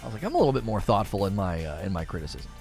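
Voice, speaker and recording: A man's voice: lowish voice, very animated, rapid-fire, darkish tone, faint music behind. Giggly young male game streamer. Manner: chatty, laughs often, mocking jokey asides. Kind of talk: casual gameplay commentary reading chat.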